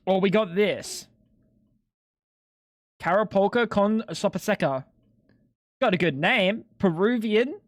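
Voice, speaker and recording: Speaking slowly with long pauses, a young man whose voice sits high chats with his live-stream viewers. His style is relaxed and slangy with occasional swearing, captured in a dry, clean studio recording.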